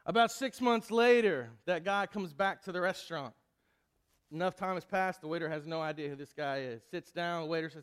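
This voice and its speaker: A man's voice: fairly high pitch, fairly quick, fairly bright tone, clear, resonant tone. A male pastor preaching a sermon in a conversational, storytelling way, often restarting his words.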